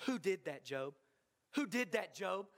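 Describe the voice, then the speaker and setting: God, booming and challenging, as a preacher puts him on. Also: male voice, expressive, measured pace, vocal fry, heavily acted. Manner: challenging, rhetorical, rising to shouts. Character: almighty male God questioning a man.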